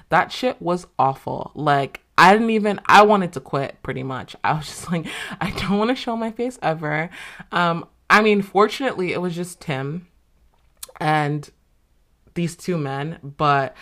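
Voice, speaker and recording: A woman's voice: deep voice, a bit bright. A young woman hosting a podcast, telling a personal story in a candid, casual way with plenty of swearing and fillers. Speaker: podcast host.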